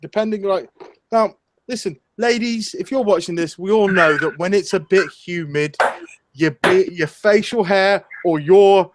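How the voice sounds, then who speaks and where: A man's voice: high voice, a little slow, a little hiss or hum. A man co-hosting a casual chat, joking crudely and wandering off on tangents. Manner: crude, jokey, goes off on tangents. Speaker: podcast co-host.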